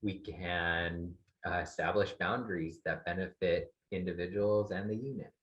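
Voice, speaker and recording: A man with a very low voice gives family advice as an expert in an online talk, pausing often and restarting his thoughts. The sound is dull and lo-fi. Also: steady tone, fairly bright tone. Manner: thoughtful, halting with many fillers. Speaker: psychologist guest expert.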